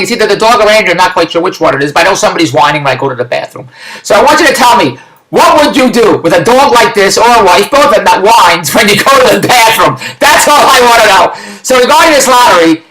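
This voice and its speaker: Middle-aged man vlogger, rambling exasperated rant, bright sharp tone, echoey room. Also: extremely high pitch. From Philadelphia. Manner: rambling, exasperated, loud rants. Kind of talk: ranting video blog.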